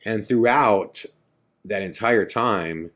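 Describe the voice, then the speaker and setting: A man's voice: fairly low pitch, slow, a bit bright. A man hosting a podcast, casually telling a first-person story in a chatty, self-correcting way. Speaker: podcast host.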